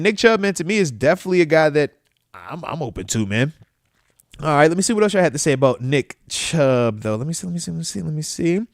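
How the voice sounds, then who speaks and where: A man's voice: on the high side, no echo. A man in his thirties hosting a casual live-streamed football talk show, loose and slangy, dropping "man" into nearly every sentence, close to the microphone. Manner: animated, with playful asides. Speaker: host of a football talk livestream. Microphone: close microphone that picks up breaths.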